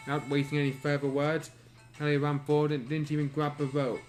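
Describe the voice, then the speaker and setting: Male amateur narrator, slightly high, halting reads with faint background music. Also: level tone. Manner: halting, with stumbles and throat-clearing. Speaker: reader.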